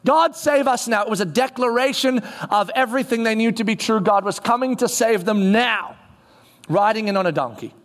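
A man preaching a sermon, telling the story in an animated way and acting out voices of the people in it. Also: high voice, fairly quick. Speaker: pastor.

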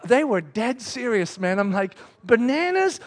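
A man preaching a sermon, telling the story with lively acted-out voices. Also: very high-pitched, fairly quick. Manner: animated storytelling, acts out the characters' voices. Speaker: pastor.

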